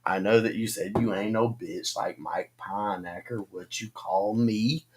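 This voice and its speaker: A man co-hosting a casual fantasy football livestream, talking haltingly with many ums and restarts. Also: fairly low pitch, steady tone. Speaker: co-host of a fantasy football stream.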